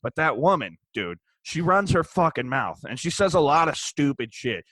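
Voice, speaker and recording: A man co-hosting a podcast, telling a story in an animated, profane, ranting way into a close mic. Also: a little high, moderate pace, no room sound. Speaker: podcast co-host. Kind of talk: casual storytelling chat.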